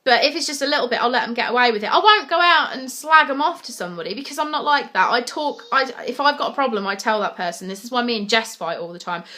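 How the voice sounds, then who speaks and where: A young woman with a bright, clear voice talks straight to her camera in a casual vlog. She is blunt and swears freely, retelling conversations in quick bursts. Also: fairly high pitch, lively intonation. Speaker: vlogger.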